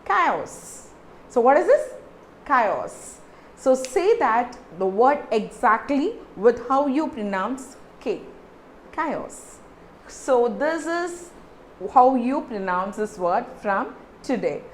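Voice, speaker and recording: A woman's voice: a little high, sing-song, slow pace, slight background noise. A woman with an Indian English accent teaching pronunciation, repeating words and spelling them out letter by letter. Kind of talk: teaching lesson to camera.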